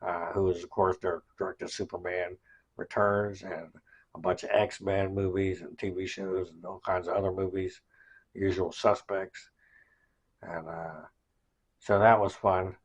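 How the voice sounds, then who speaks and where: A man's voice: low-pitched, flat delivery, measured pace, breathy edge, low-quality recording. A man hosting a podcast, casually recapping in a rambling way with many fillers. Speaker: podcast host.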